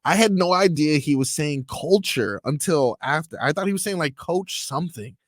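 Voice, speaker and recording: A man's voice: on the high side, lively intonation, moderate pace, no echo. A man co-hosting sports talk radio, wry and self-deprecating, on a studio mic. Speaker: radio co-host and producer.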